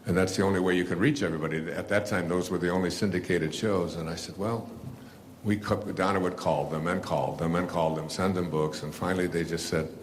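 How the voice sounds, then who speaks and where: A man's voice: sits low, steady tone, a little fast, a little hiss or hum. An older man telling a rambling personal story to a live audience, full of fillers and restarts, laughing at himself. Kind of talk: casual storytelling talk.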